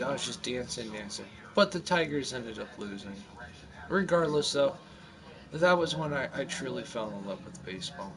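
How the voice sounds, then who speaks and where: A man in his forties casually telling a rambling story over his gameplay, animated and full of restarts. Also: medium pitch, normal speed. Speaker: gamer narrating his gameplay.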